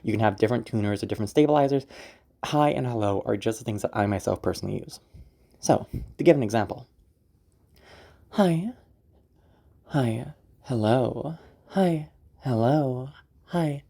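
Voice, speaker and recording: Woman, voice acting teacher, casual tutorial, chatty and repetitive, warm dark tone. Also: extremely low pitch, fast talker, gravelly. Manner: chatty, explanatory, rambling with many "again"s.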